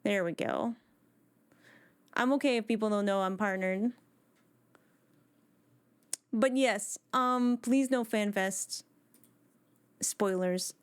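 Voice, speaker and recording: A woman's voice: mid-range voice, slow, pauses often, clean tone. A woman live streaming from home on a desk microphone, chatting casually with her viewers and greeting them one by one.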